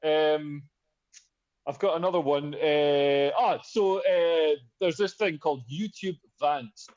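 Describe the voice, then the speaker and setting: A man chats loosely as a comedy podcast host, rambling and restarting his sentences. His voice sits a little high, and the recording sounds dull and lo-fi. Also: slow, darkish tone. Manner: rambling, full of fillers and restarts. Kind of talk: casual chat.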